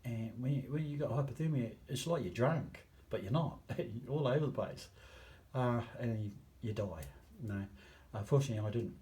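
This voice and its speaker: A man with a New Zealand accent making an impassioned appeal to viewers, stretching out key phrases and swinging between loud stresses and hushed asides. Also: mid-range voice, moderate pace. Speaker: campaigner addressing viewers.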